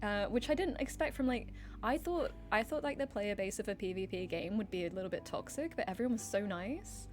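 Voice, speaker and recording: A woman's voice: medium pitch, expressive, a little fast, soft background music. A woman streaming a game, chatting casually and giggling, with many "like"s and "um"s. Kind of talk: casual game livestream chat.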